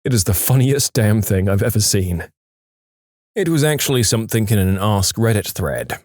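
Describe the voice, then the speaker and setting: A man reading storytime posts aloud in a scripted narration, lively and expressive. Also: lowish voice, normal speed, dry recording, studio quality.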